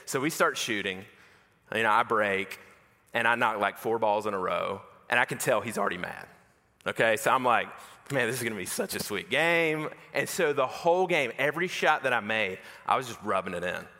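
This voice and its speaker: A man preaching a sermon as an animated, self-mocking storyteller. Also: mid-range voice, brisk. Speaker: pastor. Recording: reverberant hall.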